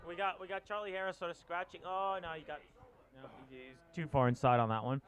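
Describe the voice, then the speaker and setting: A man commentating live at a surf contest, talking quickly and chattily and often repeating his words. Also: a little high, steady tone, a bit bright, dull audio.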